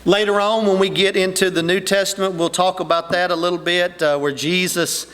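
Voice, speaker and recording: An older male preacher with a high, ringing voice delivers an emphatic sermon, his voice swelling as he drives his points home. His words carry a long reverb from the church hall around him. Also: steady tone, brisk, fairly bright tone. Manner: emphatic preaching, rising and intensifying on key points. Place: church sanctuary.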